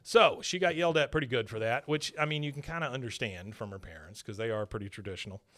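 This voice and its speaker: A man's voice: mid-range voice, fast, a bit bright. Chatty young male host, casual recap. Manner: chatty, laughs often. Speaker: podcast host. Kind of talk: casual episode recap and ad read.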